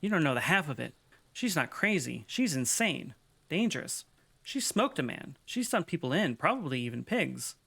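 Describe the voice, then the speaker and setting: A man's voice: on the high side, sing-song, moderate pace, gravelly, a bit bright, husky, exaggerated voice. A man voicing a foul-mouthed, cocky young boy who swaggers and talks about himself in the third person. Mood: tense whispering.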